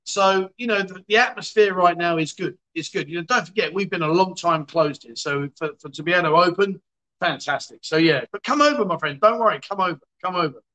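A man's voice: high voice, brisk, pushed and bright, low-quality recording. A man hosting a casual livestream, reading out viewer comments with jokey, exasperated asides. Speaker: livestream host.

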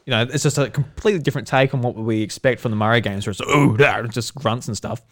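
A man's voice: mid-range voice, quick pace. Laughing Australian man co-hosting a podcast. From South Australia. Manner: laughs often, swears, acts out quotes. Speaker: podcast co-host. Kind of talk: casual chat.

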